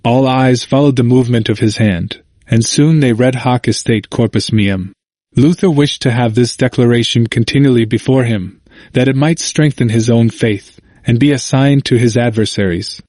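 A man reads a history text aloud in a calm, even, measured way. His pitch sits mid-range for a man. The recording is close and dry, with no room sound. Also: no echo. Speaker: audiobook reader. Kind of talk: scripted narration of a history book.

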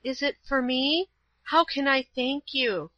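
Woman reading as a poor old woman, lonely, humble, soft, halting, bright higher voice, dull dry sound. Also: dry recording. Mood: sad, humble.

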